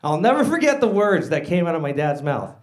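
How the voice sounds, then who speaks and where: A man doing a stand-up comedy set on stage, excitable and slangy, calling the crowd "guys" and "dude". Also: on the high side, brisk. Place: comedy stage before a live audience.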